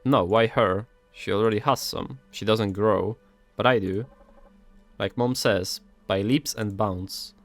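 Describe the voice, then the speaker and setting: A man's voice: fairly low pitch, takes it slowly, soft background music. A man reading aloud the lines of a chatty, worried young girl in a game, in a plain voice.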